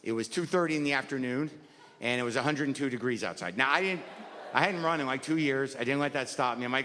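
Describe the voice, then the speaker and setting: Stand-up comic, man in his fifties, mid-pitched, self-deprecating patter, live in a reverberant venue with crowd sounds. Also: quick pace, bright, forceful tone. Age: 50s. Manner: rambling, self-deprecating, acts out inner voices. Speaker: stand-up comedian. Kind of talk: stand-up routine. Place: comedy stage before a live audience. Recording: live stage mic in a large hall, audience noise.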